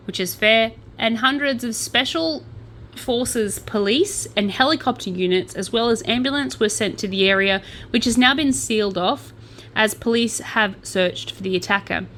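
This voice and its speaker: A woman's voice: fairly high pitch, normal speed, fairly bright tone, slight background noise. A woman hosting a casual podcast, reading news stories aloud in a chatty, self-deprecating way and stumbling over hard names. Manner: crochets while talking. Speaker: podcast host.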